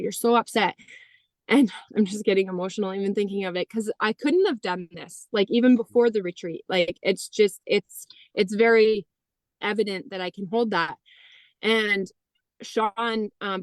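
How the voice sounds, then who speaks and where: Animated woman telling a personal story. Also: medium pitch, no echo. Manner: animated, heavy use of "like", acts out quoted dialogue. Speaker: podcast guest.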